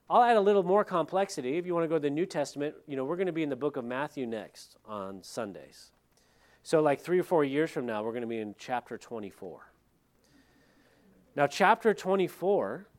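Male pastor, mid-pitched, talky sermon delivery with wry asides. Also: darkish tone. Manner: conversational, with joking asides.

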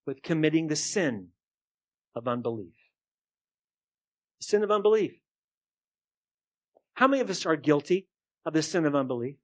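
A male pastor with a somewhat high-pitched voice delivers a sermon. He sinks to near murmurs, then climbs into loud, rising rhetorical questions. He keeps turning to the congregation and asking them to answer. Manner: addresses the congregation directly, asking for responses.

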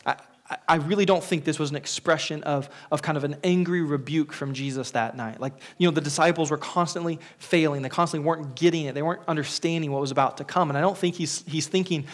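Pastor guy giving a funeral sermon, kinda high voice for a man, earnest, keeps restarting his sentences. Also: fast talker, hardly any pauses. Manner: earnest, with frequent restarts and repeated words.

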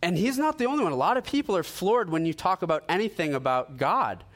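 A man's voice: high voice, fast. Earnest man preaching conversationally. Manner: animated storytelling, acting out dialogue. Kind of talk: sermon with personal story.

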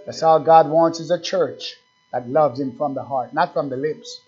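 A man's voice: on the high side, moderate pace, a little mellow, breathy edge, muffled recording. A man preaching a sermon as pastor, asking rhetorical questions and building in fervor.

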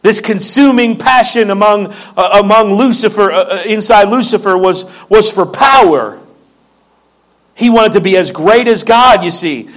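Man, pastor; high voice, casual sermon delivery. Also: moderate pace, a bit bright. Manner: conversational, joking asides, repeats words.

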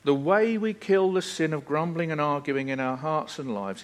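A man's voice: on the high side, moderate pace, few pauses. A preacher delivers a sermon with earnest emphasis. His voice sits a touch above most men's, and he swells and then drops his intensity to drive each point home. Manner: earnest and emphatic, with rising and falling intensity and repeated phrases.

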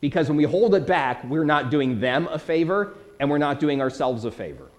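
A man's voice: fairly high pitch, animated, a little fast. A man preaching a sermon, emphatic and direct, asking his listeners questions. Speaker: pastor.

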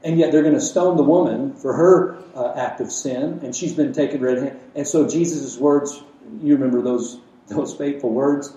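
A man preaching a sermon, emphatic, with rhetorical questions and swings between loud and quiet. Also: mid-range voice, normal speed, hardly any pauses, dull audio. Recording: echoey room, mic at a distance.

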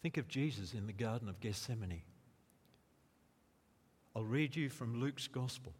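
A man preaching a sermon in a slow, deliberate way, rising to emphatic quotes. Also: mid-range voice, lively intonation, breathy edge. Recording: long reverb of a large hall.

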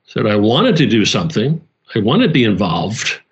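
Earnest church leader, lo-fi sound. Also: male voice, on the low side, big pitch swings, normal speed. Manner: earnest, many restarts and repeated phrases. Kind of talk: casual conversation.

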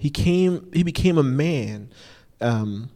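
Preacher with a slightly high voice, echoing hall. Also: male voice, expressive, takes it slowly, mellow. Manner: informal, repeats phrases for emphasis, many "you know" fillers. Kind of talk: conversational sermon. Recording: long reverb of a large hall.

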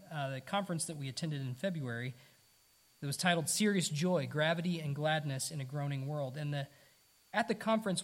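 A man preaching a conversational sermon to his congregation, earnest, asking rhetorical questions and repeating himself. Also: on the high side. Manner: repeats words, casual asides. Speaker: pastor.

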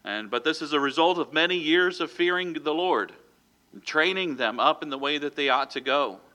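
A man's voice: fairly high pitch, lively intonation, normal speed, bright, forceful tone. A man preaching a sermon in a conversational way, with frequent fillers and self-corrections. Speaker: pastor.

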